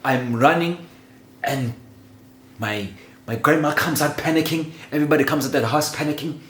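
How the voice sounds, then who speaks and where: A man telling a childhood story in a casual, animated way, laughing often and swearing freely. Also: on the high side, normal speed. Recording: roomy echo with faint ambient noise.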